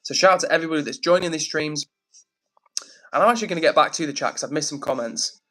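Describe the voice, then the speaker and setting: English guy chatting on his livestream, a bit high-pitched, upbeat, lots of shout-outs. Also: quick pace, rough recording. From England. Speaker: livestream host. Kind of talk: casual livestream chat, reading out comments.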